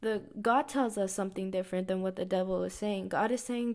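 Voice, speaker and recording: A woman speaks in a relaxed, personal vlog about her faith. Her voice sits at an ordinary middle pitch, and she talks earnestly, circling back and repeating phrases to stress a point. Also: a little fast, hardly any pauses. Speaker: vlogger sharing a faith reflection. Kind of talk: casual devotional talk.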